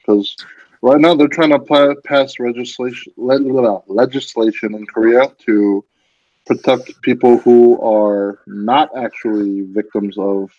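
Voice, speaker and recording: A man's voice: medium pitch, fairly even intonation, unhurried, darkish tone, no echo. A man hosting a casual group chat, rambling and restarting his sentences. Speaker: host. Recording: dull lo-fi sound.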